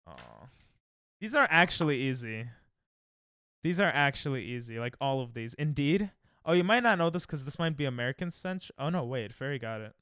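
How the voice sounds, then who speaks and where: Young man, streamer, excitable, lively swings in pitch, smooth clear voice. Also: normal speed, no echo, studio quality. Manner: excitable, reactive, thinks aloud. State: tired. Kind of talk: casual live-stream chat while playing games.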